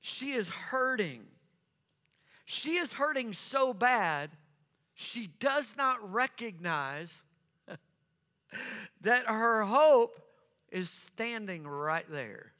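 Slow, bright-voiced male preacher. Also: high voice, expressive. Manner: earnest storytelling, repeats phrases for emphasis. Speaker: pastor. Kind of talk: sermon. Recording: long reverb of a large hall.

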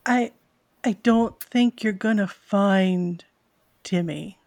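A woman narrating as game master of a tabletop role-playing game with a dry, deadpan delivery. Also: mid-range voice, takes it slowly.

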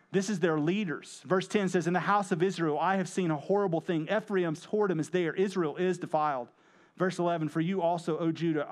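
A man preaching a conversational sermon, often stumbling over and repeating words as he acts out the lines he reads. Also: fairly high pitch. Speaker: pastor.

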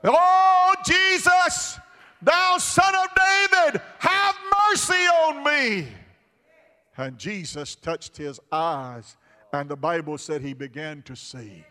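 A male preacher delivering a sermon in a measured, drawn-out rhythm, his voice sitting somewhat high for a man. He builds emphasis through repetition and breaks into sudden shouts. His words ring out with a long hall reverb behind them.

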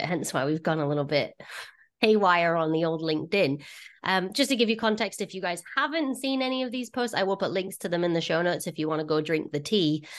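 A woman with a somewhat low voice hosts a podcast in easy, conversational chat. She talks informally and drops slangy asides as she goes. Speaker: podcast host.

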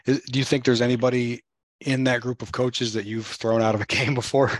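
A man hosting an interview, asking questions in a casual, halting way and often restarting his phrases. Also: mid-range voice, flat delivery, dry recording. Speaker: interview host.

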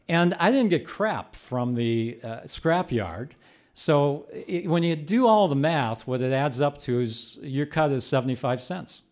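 An older man telling a personal story on stage, animated and building to loud bursts as he relives the chaos. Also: medium pitch, normal speed. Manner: animated, rising to shouts when reliving the chaos.

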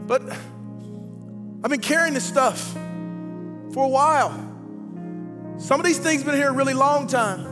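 A man in his forties preaching a sermon in a casual, repetitive way, swinging between loud outbursts and quiet passages. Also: very high voice, measured pace, long pauses, in a large hall. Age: 40s. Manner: conversational, repetitive, dynamic shifts from loud to quiet. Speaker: pastor. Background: faint band music.

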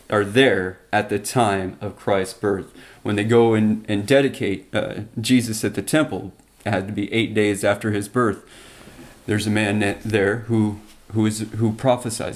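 A man preaching a sermon in a conversational way, often stopping to restart and correct himself. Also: medium pitch. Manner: halting, self-correcting, conversational.

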